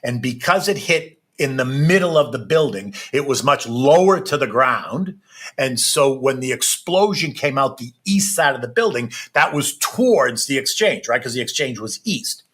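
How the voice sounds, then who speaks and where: A middle-aged man telling a personal story as a podcast guest, animated and keeps checking in with "right?". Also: mid-range voice, normal speed, husky.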